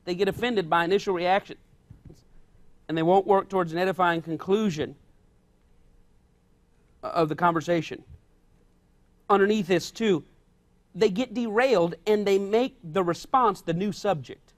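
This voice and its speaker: Pausing at length, a man with a high voice preaches at a moderate pace. The pastor keeps it folksy and plain, emphatically stressing and repeating his main points while acting out the dialogue he quotes.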